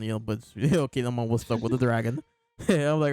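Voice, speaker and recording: A man's voice: medium pitch, a little fast, mellow, clear, resonant tone, dry recording, faint music behind. A man casually chatting as a show host, amused and laughing often as he talks. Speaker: podcast host reviewing manga. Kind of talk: casual chat.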